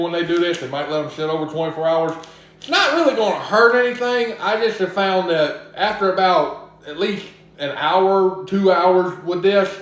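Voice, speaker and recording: A man's voice: sits high, fairly bright tone. A young man from Mississippi with a Southern accent, chatting casually as he cooks and joking back at imagined critics. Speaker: cooking vlogger. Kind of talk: casual cooking vlog. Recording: very echoey room.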